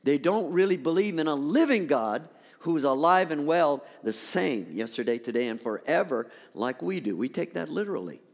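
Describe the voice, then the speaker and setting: Male pastor, sermon delivery, lively pitch that climbs on emphasis, fairly high voice, reverberant church hall. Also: normal speed, vocal fry, few pauses. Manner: animated preaching with rising emphatic peaks. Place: church sanctuary.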